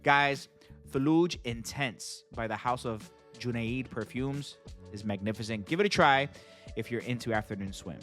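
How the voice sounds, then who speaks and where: A man's voice: mid-range voice, normal speed, a bit bright, soft background music. A man hosting his own channel, giving a casual, enthusiastic product review to camera in slangy talk and calling out to his viewers again and again. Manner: enthusiastic, slangy, keeps addressing viewers as guys. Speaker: fragrance reviewer and channel host.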